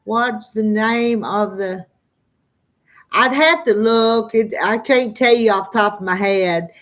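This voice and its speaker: A middle-aged woman with a Southern drawl, a farm vlogger, chats casually with viewers on a live stream and reads their comments aloud. Her medium-pitched voice is fairly bright, her drawl slow, and she laughs often.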